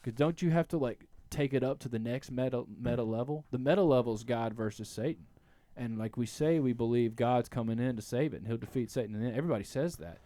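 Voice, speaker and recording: A man's voice: medium pitch, fast talker, no echo. Rambling man on a dry close mic. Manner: rambling, restarts often, jumps into sudden loud emphasis. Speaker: podcast host. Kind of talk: casual podcast chat.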